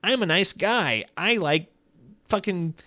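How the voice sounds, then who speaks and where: A man's voice: high voice, lively intonation, slow, bright, forceful tone, voice pushed up, exaggerated voice. A man voicing a chipper, overly cheerful male podcast host in a sing-song way.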